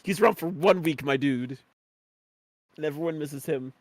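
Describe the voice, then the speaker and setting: A man streaming a game and chatting casually, playful and greeting his chat, his voice leaping up when excited. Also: fairly high pitch, normal speed, no echo.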